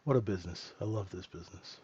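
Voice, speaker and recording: A man's voice: low-pitched, fast, a little mellow, husky, lo-fi sound. A middle-aged man hosting a live trading room, chatting casually and joking with viewers, laughing often. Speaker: trading room host and mentor.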